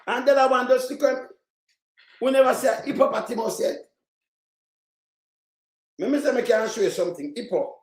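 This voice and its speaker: Jamaican lady going off at her phone, keeps saying look here, mocking, yells now and then, echoey room. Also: high-pitched, normal speed, pauses often. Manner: insistent, repetitive, mocking, bursts of loud shouting. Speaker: vlogger. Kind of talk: casual rant to camera.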